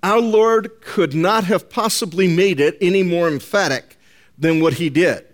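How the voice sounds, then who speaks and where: A man with a high voice preaches to his congregation in a deliberate, emphatic way. He repeats key phrases and addresses his listeners as "folks."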